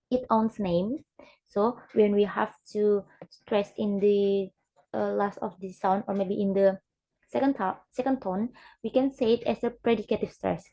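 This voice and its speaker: A young woman, a student giving a class presentation, who talks haltingly and repeats example words aloud. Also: a little high, dark tone, rough recording. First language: Indonesian.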